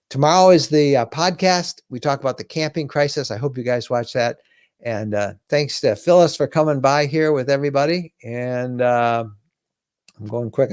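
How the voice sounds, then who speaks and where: A man's voice: mid-range voice, a little mellow, no echo, clean studio sound. A middle-aged man hosting a live RV question-and-answer stream, chatty and upbeat, thanking viewers by name. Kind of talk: casual live-stream chat.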